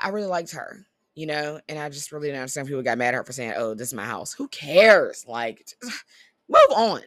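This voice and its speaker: A vlogger delivers blunt, profane opinions in casual commentary, swinging between loud outbursts and muttered asides. The mid-range voice comes through with clean studio sound and no room sound.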